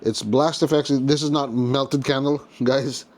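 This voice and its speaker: A man's voice: medium pitch, fairly even intonation, unhurried. A man hosting a casual toy unboxing, chatty and playful with jokes as he goes. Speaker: toy collector host.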